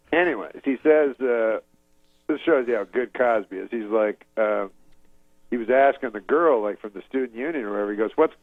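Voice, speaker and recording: A man doing an impression of a comedian telling a rambling, deadpan story, full of fillers and restarts, on dull lo-fi audio. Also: mid-range voice, dry recording, lightly acted.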